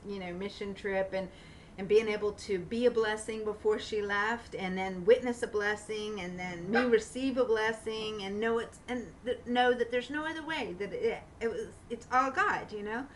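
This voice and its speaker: A woman telling a long personal story in a casual vlog, rambling with many fillers and restarts and getting animated when she quotes others. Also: medium pitch, far from the mic, slight background noise, rough recording. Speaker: vlogger.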